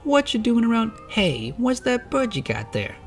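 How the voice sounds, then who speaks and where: A man voicing a cranky old woman who keeps a tavern, in a squeaky, shrill, hostile voice. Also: huge pitch swings, normal speed, soft background music, heavily acted.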